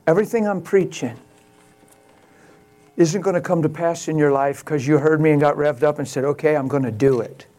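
A male pastor preaching a sermon, telling a story and swinging from quiet, slow lines to loud exclamations. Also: on the high side.

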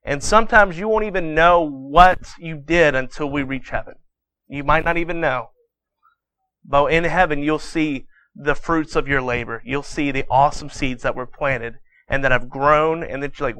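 A man's voice: fairly high pitch, normal speed, sharp tone, dry recording. A man in his thirties preaching to a congregation in a folksy, joking way, saying y'all and telling a bedtime story about a boy who keeps asking for water. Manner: says y'all. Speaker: pastor. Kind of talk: sermon.

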